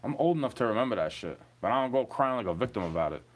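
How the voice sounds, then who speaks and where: A man's voice: medium pitch, lively intonation, very fast. A man in his thirties from New York City, ranting in a rambling, profane monologue and chuckling between points.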